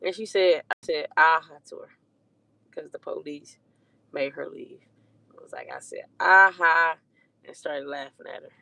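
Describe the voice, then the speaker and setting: A woman's voice: low-pitched, normal speed, gravelly, pauses often, no echo. A woman telling a story in a casual, profane rant, swearing heavily and laughing between heated lines.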